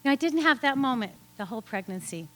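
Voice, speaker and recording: A woman telling a personal story on stage in an animated way, laughing often and acting out the voices of people she quotes. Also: high voice, quick pace. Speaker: storyteller at a live story slam.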